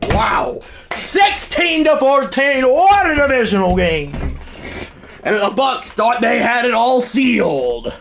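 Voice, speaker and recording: A man giving excited play-by-play commentary over a football video game, calling it like a sportscaster and shouting on the big plays. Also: very high-pitched, takes it slowly, slight background noise. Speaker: gaming channel host.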